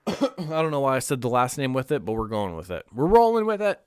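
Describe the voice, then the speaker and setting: A man's voice: mid-range voice, sing-song, a little fast, darkish tone, clear, resonant tone, no echo, studio quality. A young man chatting casually on a livestream, candid and rambling, swearing now and then and laughing often. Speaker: streamer.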